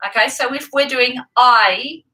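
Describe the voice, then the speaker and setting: Bright-voiced woman singing teacher. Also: a little high, expressive, moderate pace, rough recording. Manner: explains clearly and patiently, with sung examples. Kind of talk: vocal lesson with sung demonstrations.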